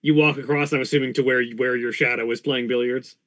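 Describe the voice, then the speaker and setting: A man running a tabletop game as game master, narrating in a relaxed, easygoing way. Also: medium pitch, quick pace.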